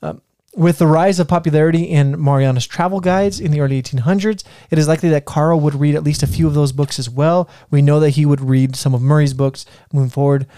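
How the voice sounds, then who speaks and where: A man's voice: on the high side, fairly even intonation, quick pace, hardly any pauses, warm tone, dry recording, clean studio sound. A man co-hosting a casual history podcast, reading from notes with many fillers and restarts. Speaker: podcast co-host presenting history.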